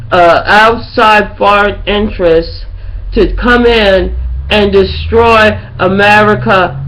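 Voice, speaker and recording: A woman's voice: medium pitch, low-quality recording. Rambling, profane middle-aged woman. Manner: rambling and profane, keeps saying "you know what I'm saying". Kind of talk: casual rant to webcam. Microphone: webcam.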